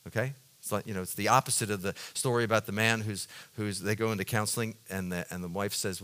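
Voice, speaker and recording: A man in his thirties, a pastor preaching a sermon in a church, rambling with many restarts and rising loud and high when stirred. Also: quick pace, hardly any pauses. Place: church sanctuary.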